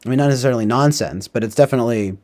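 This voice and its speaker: A man with a medium-pitched, darkish voice talks very fast while hosting a casual livestream about movies. He rambles and swears, tacking "like" and "right?" onto his thoughts.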